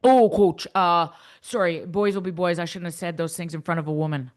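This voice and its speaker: A woman's voice: lowish voice, steady tone, a little fast, close to an everyday voice. A woman voicing a sheepish teenage boy hockey player who mumbles apologetic excuses to his coach.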